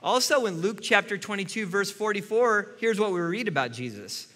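A man's voice: high voice, expressive, normal speed, bright, forceful tone, in a large hall. A man preaching a sermon as a pastor, earnest and speaking directly to his listeners.

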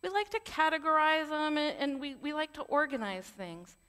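A woman's voice: high-pitched, very animated, moderate pace, sharp tone. A woman giving a sermon in an earnest, conversational way, with candid personal asides. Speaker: preacher. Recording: long hall reverb.

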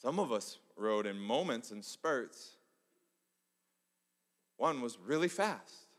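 A man preaching a sermon, telling a personal story in an animated way that swings between soft and loud. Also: medium pitch, slow pace. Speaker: pastor. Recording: long hall reverb.

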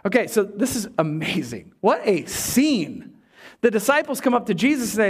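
A pastor delivering a sermon, emphatic and animated, with humorous asides to the congregation. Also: male voice, sits high, normal speed, husky.

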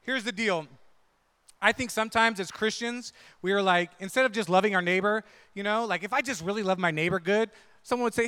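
High bright-voiced man preaching. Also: brisk, clear, resonant tone, long reverb tail. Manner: conversational, asks the crowd "right?" often. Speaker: pastor. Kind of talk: sermon.

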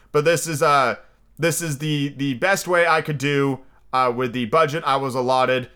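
Rambling male podcast host, lively voice. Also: fairly high pitch, clear, resonant tone. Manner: rambling, with many fillers and restarts. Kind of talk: casual chat and audiobook reading.

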